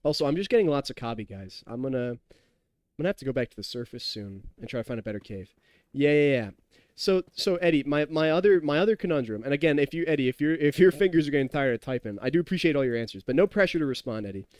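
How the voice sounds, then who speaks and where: A man's voice: mid-range voice, animated, fast, darkish tone, dry recording, studio quality. A tipsy young man in his twenties streaming a game, rambling and chatty, laughing and talking to his chat. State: tipsy from drinking. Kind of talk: casual live-stream chat while gaming.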